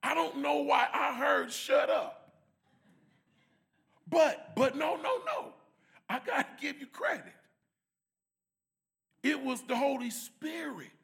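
A man giving an emphatic church testimony and prayer, swinging from shouts to soft prayer. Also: very high voice, animated, takes it slowly, gravelly, long pauses.

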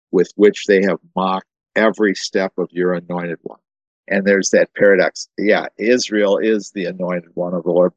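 A man's voice: low voice, gravelly, husky, no echo, lo-fi sound. A man teaching through a Bible passage in an informal way, often repeating words as he thinks aloud.

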